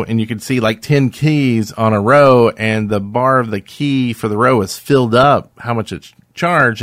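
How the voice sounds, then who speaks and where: A man's voice: mid-range voice, a bit bright, dry recording, studio quality. A man co-hosting a podcast in casual chat, rambling and hesitant with many fillers. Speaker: podcast co-host.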